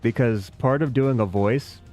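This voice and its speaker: A man's voice: medium pitch, a little slow, darkish tone, soft background music. An American man chatting casually with his live chat while playing a strategy game, rambling and self-deprecating. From United States. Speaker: game streamer.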